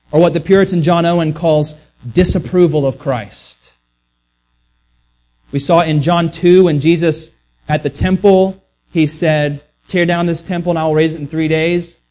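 A man's voice: on the high side, a little mellow. A man preaching a sermon earnestly, often restarting words and acting out the voices he quotes. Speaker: pastor.

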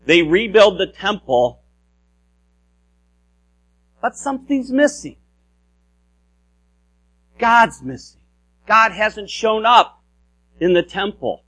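A man's voice: sits high, big pitch swings, takes it slowly, pauses often, fairly bright tone. A man preaching a sermon in an explanatory manner, often restarting phrases and adding "if you will".

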